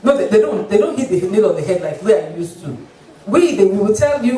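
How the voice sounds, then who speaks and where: A Nigerian-accented obstetrician gives a lively health talk in a roomy hall, often mimicking his patients. His mid-pitched voice is captured from far off the mic, so lots of room sound comes through, and he speaks a little fast.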